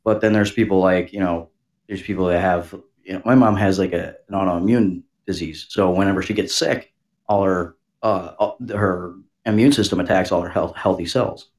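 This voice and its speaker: A man co-hosting a podcast, talking casually in a halting way with many restarts. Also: low-pitched, steady tone, a little mellow. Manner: halting, full of "you know" and restarts. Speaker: podcast co-host. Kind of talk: casual chat.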